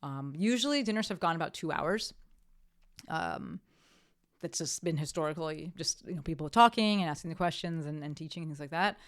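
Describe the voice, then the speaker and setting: A woman's voice: low voice, expressive, brisk, dry recording, clean studio sound. A woman hosting her own podcast, talking casually and upbeat, often correcting herself mid-sentence. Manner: chatty, self-correcting, upbeat sign-off. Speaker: podcast host. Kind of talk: casual solo podcast talk.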